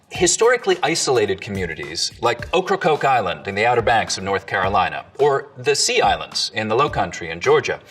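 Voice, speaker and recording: A man, a dialect coach, explaining accents in an educational video with clear, lively delivery. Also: mid-range voice, far from the mic.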